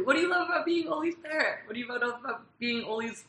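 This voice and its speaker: An interviewer poses gentle, soft-spoken questions in a casual chat. The voice is bright. The room is echoey, with faint ambience behind it. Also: high-pitched, fast, a little hiss or hum.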